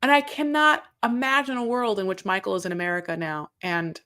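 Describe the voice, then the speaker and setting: A woman's voice: mid-range voice, steady tone, a little fast, sharp tone. A woman host chatting casually as she recaps reality TV. She rambles, talks in circles and swears.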